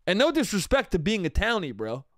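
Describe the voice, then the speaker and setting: A man's voice: high-pitched, wildly swooping pitch, brisk, a bit bright, dry recording, clean studio sound. A man hosting a solo comedy podcast, rambling crudely and saying "dude" and "bro" constantly. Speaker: podcast host.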